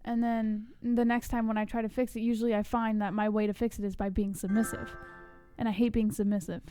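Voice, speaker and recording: A woman co-hosting a casual livestream with her partner, speaking bluntly and flatly even when she says bold things. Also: a little high, a little fast, clean tone, no room sound, soft background music. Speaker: livestream co-host.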